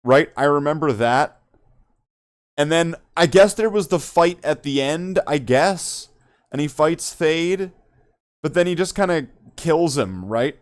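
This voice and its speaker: A man's voice: fairly high pitch, animated, unhurried. A man hosting a podcast in casual chat, rambling and joking, swearing freely. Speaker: podcast host.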